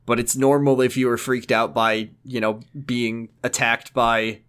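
A male podcast co-host in loose, casual chat, recapping a TV episode. His voice sits at an ordinary middle pitch. He rambles, restarts, and drops characters' lines in a dry, mocking deadpan. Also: measured pace, smooth.

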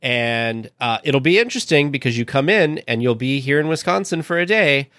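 A man's voice: medium pitch, lively intonation, normal speed, a bit bright, no echo, studio quality. A man hosting a podcast, telling a personal story in an earnest, heartfelt casual way.

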